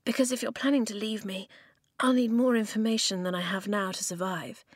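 A woman's voice: mid-range voice, steady tone, brisk, no room sound, studio quality, close to an everyday voice. A woman voicing an anxious young girl who speaks in an urgent whisper. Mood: pleading.

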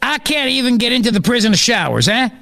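A man's voice: very animated, brisk, creaky, sharp tone, exaggerated voice. A man putting on a comic Italian accent as a huge, complaining male prisoner. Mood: whiny. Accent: put-on Italian. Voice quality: exaggerated Italian accent, higher pitch. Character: obese Italian male prisoner, whiny, big.

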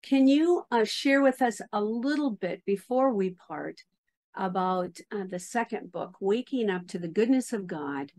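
A woman's voice: medium pitch, lively intonation, measured pace, a little mellow. Effusive woman hosting a faith interview. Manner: enthusiastic, effusive. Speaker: interview host.

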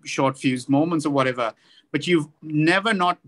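A man's voice: a little high, moderate pace. A man co-hosting a podcast, asking rambling, hesitant questions in casual chat. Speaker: podcast co-host.

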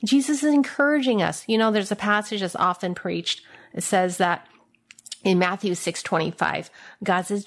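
A woman giving a devotional sermon in a gentle, reassuring way, sometimes dropping to soft, tender tones. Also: medium pitch, expressive, a little slow. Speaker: preacher.

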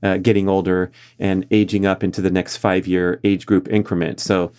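A male podcast host with a very low, deep voice, talking in a casual and enthusiastic way. He speaks loosely and often pauses on an "uh" as he thinks aloud. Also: little pitch movement, darkish tone, smooth. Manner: conversational, frequent uh fillers. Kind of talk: casual monologue.

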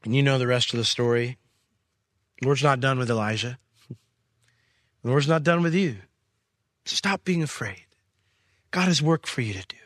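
A man preaching a sermon as pastor, reading scripture and paraphrasing it in casual slang, swinging from excited peaks to low, quiet stretches. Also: fairly quick, pauses often, dry recording, studio quality. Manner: emphatic, rising to excited peaks then dropping low.

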